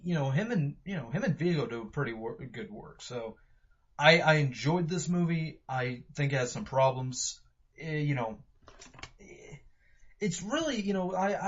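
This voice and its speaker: A man casually reviewing a movie for a podcast, rambling with many fillers and restarts. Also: medium pitch. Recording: dull lo-fi home recording.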